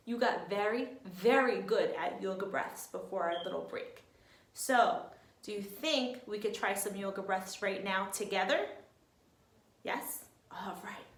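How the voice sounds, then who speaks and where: A woman teacher guiding young children through breathing exercises in a gentle, sing-song, encouraging way. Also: mid-range voice, slight background noise. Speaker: preschool teacher. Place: room at home. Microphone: camera at a distance. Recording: echoey room, mic far off.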